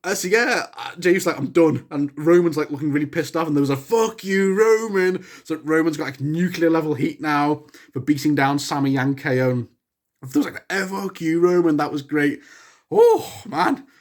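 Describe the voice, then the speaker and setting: A young man giving a casual spoken review of a wrestling show, rambling with many restarts and breaking into excited shouts. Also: fairly high pitch, a little fast. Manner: excitable, bursts into shouts at big moments.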